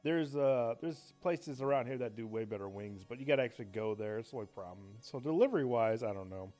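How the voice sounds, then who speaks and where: Chatting casually as he streams a game, a man with a medium pitch talks a little fast. He rambles, curses, and gets excited, with faint game music underneath.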